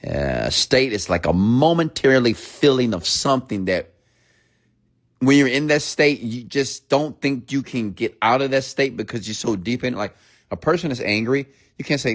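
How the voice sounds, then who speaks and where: A man's voice: medium pitch, animated, moderate pace. A middle-aged man giving a playful late-night motivational rant as a speaker, now and then mimicking people for effect.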